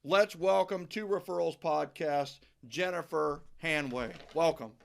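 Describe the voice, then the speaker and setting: A man's voice: on the high side, a little slow, creaky. A middle-aged man hosting a podcast interview, talking emphatically and often repeating words as he starts a thought. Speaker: podcast host. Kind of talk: enthusiastic interview chat.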